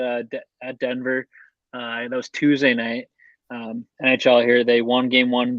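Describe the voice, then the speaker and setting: A man's voice: mid-range voice, a bit bright, dry recording. A man co-hosts a betting podcast in a loose, rambling way, with plenty of "um"s and restarts. His voice sits in a middle range. It comes through a slightly muffled mic in a dry, dead room. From Seattle area. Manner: rambling, many fillers and restarts. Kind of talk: casual chat.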